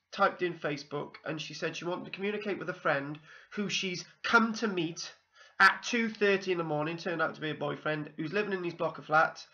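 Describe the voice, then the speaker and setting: A man's voice: a little high, bright, forceful tone, muffled recording. A man from South Wales with a Welsh accent, telling a meandering personal story full of ums and asides. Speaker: vlogger. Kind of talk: rambling personal anecdote.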